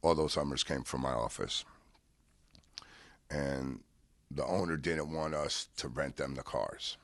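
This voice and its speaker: Man, very low voice, casual interview, animated storyteller, swears freely, dry close sound. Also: a little slow, dry recording. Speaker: interview guest, car rental businessman.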